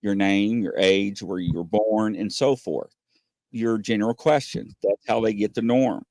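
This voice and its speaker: A man hosting a casual podcast, telling stories with lots of pauses and acting out what people said. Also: lowish voice, fairly even intonation, darkish tone, no echo, clean studio sound. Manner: rambling storyteller, many "uh" pauses, acts out quotes. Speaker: podcast host. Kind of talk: casual chat.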